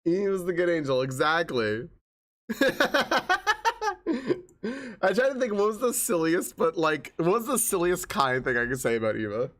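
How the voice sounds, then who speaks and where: A man's voice: on the high side, sing-song, measured pace, a bit bright. A young man live-streaming a game, chatting in an upbeat way and greeting his viewers one after another.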